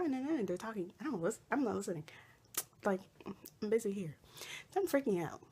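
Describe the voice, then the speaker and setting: Husky woman telling stories. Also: medium pitch, brisk. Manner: animated, acts out quotes, laughs often. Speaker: vlogger. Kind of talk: casual storytelling.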